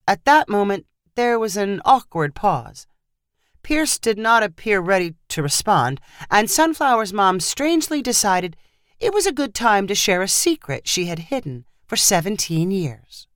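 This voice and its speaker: A woman narrating a storybook in an expressive, animated reading style. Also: mid-range voice, a little slow, no echo, studio quality.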